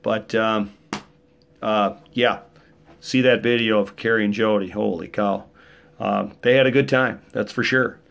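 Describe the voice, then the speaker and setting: A man's voice: fairly low pitch, fairly even intonation, unhurried, a bit bright. A middle-aged man, telling stories in a rambling, joking monologue. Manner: rambling, joking, rough-edged storytelling. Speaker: vlogger. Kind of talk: casual monologue.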